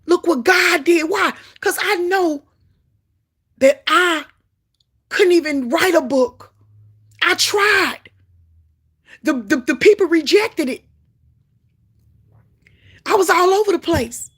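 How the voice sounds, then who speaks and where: A woman sharing a Christian testimony in a preaching style, fervent and emphatic, swinging between loud exclamations and low asides. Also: takes it slowly, pauses often. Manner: emphatic repetition.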